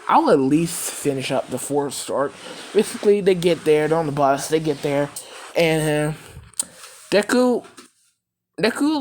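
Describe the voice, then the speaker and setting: Low-pitched woman narrator, loose and rambling, curses freely, casual fan storyteller. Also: a little mellow. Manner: rambling, filler-heavy, cursing, laughing.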